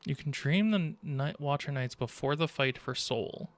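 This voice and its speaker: A man's voice: mid-range voice, unhurried. A man streaming a game, chatting casually and mumbling self-deprecating remarks as he plays. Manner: self-deprecating, mutters to himself while playing. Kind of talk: casual gameplay commentary.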